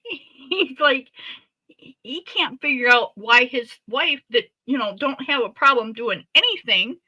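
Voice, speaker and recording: Here the same kind of host, a middle-aged woman, speaks in a high-pitched, slightly slow voice on a muffled recording with no room sound. Animated and laughing a lot, she swears freely as she tells her story in a casual chat.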